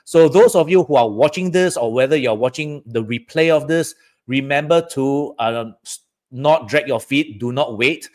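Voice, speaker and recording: A man's voice: medium pitch, moderate pace, a little mellow. A man from Southeast Asia hosting a live-streamed feng shui talk, chatty and often checking in with "all right" and "okay, guys".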